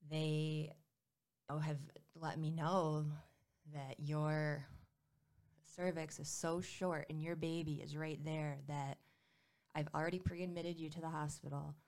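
Low, gravelly-voiced woman telling her story. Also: a little mellow. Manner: candid, with frequent fillers and quoted dialogue. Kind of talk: personal story told in conversation.

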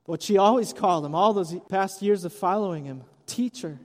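A man's voice: sits high, brisk. A man preaching an Easter sermon as pastor, retelling the story conversationally with light humor. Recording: long hall reverb.

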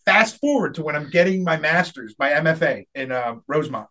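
A high-voiced man tells a long comic story in a loose, chatty way. He laughs often and slips into the voices of the people he quotes. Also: animated, a little fast, sharp tone. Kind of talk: casual storytelling chat.

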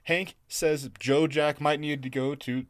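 A man co-hosting a podcast in casual chat, loud, profane and teasing, laughing a lot. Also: on the high side, steady tone, a little slow. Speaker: podcast co-host.

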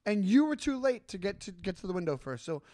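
A young man with a Long Island accent talks in a high, very lively voice that swings up and down, slipping into mocking voices as he riffs. The sound is dry and close. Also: fast talker, no room sound. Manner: animated, acts out mocking voices. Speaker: podcast co-host. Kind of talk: casual chat.

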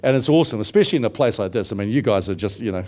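A man's voice: lowish voice, expressive, rapid-fire, darkish tone. A middle-aged man preaching a sermon, telling his own story in a conversational way with frequent fillers.

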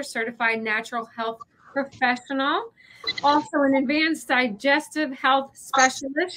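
A woman co-hosting a podcast, introducing a guest in an excited, gushing way. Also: high voice, poor audio. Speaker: podcast co-host.

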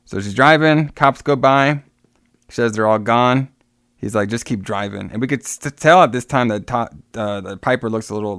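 A man's voice: lowish voice, creaky, a bit bright, smooth, dry recording, studio quality. A man casually retelling a film's plot scene by scene, with many fillers and asides. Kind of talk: casual movie recap chat.

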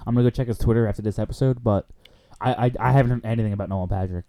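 A man's voice: lowish voice, racing, warm tone. A young man co-hosting a sports podcast, chatting casually, swearing freely and laughing often. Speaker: podcast co-host.

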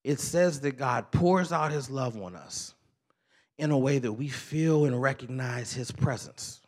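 A man preaching a sermon, moving between loud, rising exhortation and quiet, confessional storytelling, with casual slang and self-deprecating asides. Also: medium pitch, animated, unhurried. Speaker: pastor.

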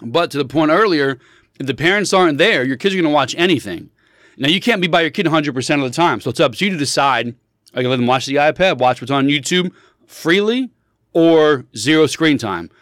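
A man in his thirties with a fairly high voice talks in casual podcast chat. He tells stories with energy and acts out the quotes in changing voices. The recording is close and dry. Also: fairly quick, no room sound. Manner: animated storyteller, acts out quotes in shifting voices. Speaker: podcast co-host.

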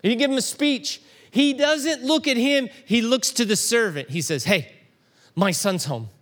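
A middle-aged man preaching a sermon, telling a story with animated emphasis that climbs to emphatic peaks. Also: very high voice, normal speed. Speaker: pastor.

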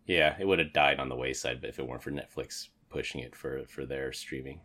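A man's voice: extremely low pitch, steady tone, brisk, bright, forceful tone. A man co-hosting a podcast, chatting casually about tech and telling anecdotes. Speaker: podcast co-host.

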